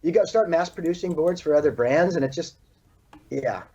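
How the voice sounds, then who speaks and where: A man's voice: a little high, mellow, husky. A man from California, a surfboard shaper, chatting loosely in an interview with lots of "like" and "you know". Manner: fast, loose talk full of "like" and "you know". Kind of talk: casual interview chat. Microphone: video call. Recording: dull, lo-fi video call audio.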